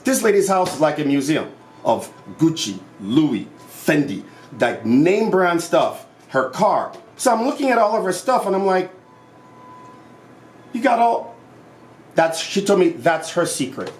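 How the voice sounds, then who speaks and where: A passionate man giving a self-improvement talk straight to camera, his voice pitched a little high. He tells stories with animated, acted-out quotes. The room sounds echoey, with a faint hum of ambient noise behind him. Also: a little slow. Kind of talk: casual monologue to camera.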